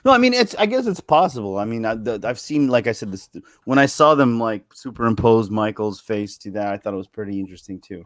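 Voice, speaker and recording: A man hosting a casual podcast chat, explaining at length about doing impressions, his pitch swinging up and down for emphasis. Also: sing-song, fast talker, few pauses, no echo.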